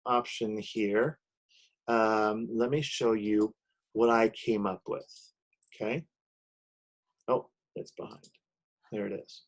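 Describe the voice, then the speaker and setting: A man of middle pitch teaches a recorded online lesson while sharing his screen. He explains step by step, stopping often with an "okay?" and filling gaps with "um". He talks into a computer microphone. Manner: explanatory, many "okay?" check-ins and "um" fillers.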